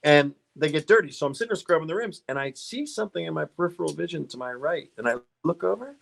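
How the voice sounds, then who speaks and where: A man's voice: on the high side, expressive, fast, vocal fry, fairly bright tone. A middle-aged man, a guest on a car podcast, telling rambling stories in a casual interview, laughing often and restarting his sentences.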